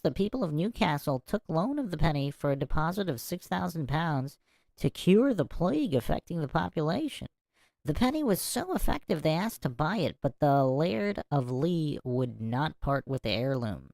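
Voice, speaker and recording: A woman hosting a podcast, reading passages aloud and stopping often for incredulous asides. Her voice sits low and sounds mellow and dark. The recording is dry, with no room sound. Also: big pitch swings, normal speed, gravelly, no echo. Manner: reads passages and breaks off to react with incredulous asides. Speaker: podcast host. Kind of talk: casual commentary and reading aloud.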